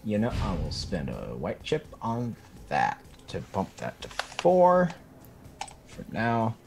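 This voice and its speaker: A man's voice: lowish voice, huge pitch swings, slow, vocal fry, background noise. Hesitant man thinking aloud at the table. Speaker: player. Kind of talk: casual chat.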